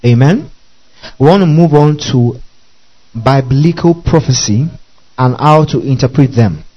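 A man's voice: mid-range voice, expressive, a little slow. A man teaching a Bible lesson in a church service, repeating each point, spelling out key terms and often checking whether listeners follow. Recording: dull lo-fi recording.

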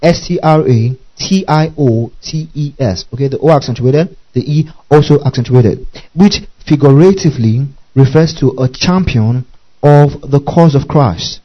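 A man's voice: mid-range voice, unhurried. Man, preacher, sermon teaching, spells words letter by letter, calls for responses, muffled recording.

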